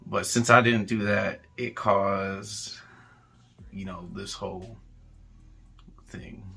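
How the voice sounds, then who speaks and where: Gravelly, bright-voiced man explaining himself. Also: fairly low pitch, steady tone, takes it slowly. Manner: earnest, apologetic, rambling with fillers. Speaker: co-host. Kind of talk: casual chat, explaining himself.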